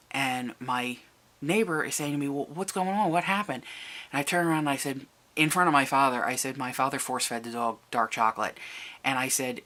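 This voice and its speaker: A vlogger telling a personal family story to the camera, halting and restarting, and lifting the voice to act out quoted people. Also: medium pitch, bright, forceful tone. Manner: recounts events, raising the voice for quoted people.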